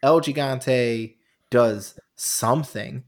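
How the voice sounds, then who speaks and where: A man's voice: medium pitch, very slow, a crowd in the background. A man co-hosting a podcast, retelling events in a rambling, giggly way. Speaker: podcast co-host. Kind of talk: casual wrestling chat.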